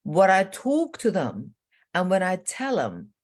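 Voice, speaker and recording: Woman, low voice, middle-aged, transformational coach, animated earnest storyteller. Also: slow pace. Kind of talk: interview guest telling stories.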